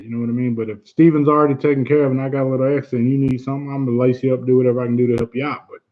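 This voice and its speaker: A man's voice: mid-range voice, narrow, tinny audio. A man hosting a casual livestream chat, earnest and blunt, who swears easily and repeats himself for emphasis. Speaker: livestream host.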